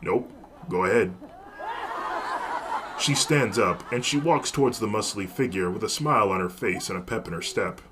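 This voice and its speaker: A man narrating a fan story in a plain, even storytelling manner. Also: fairly low pitch, a little fast, few pauses, background noise.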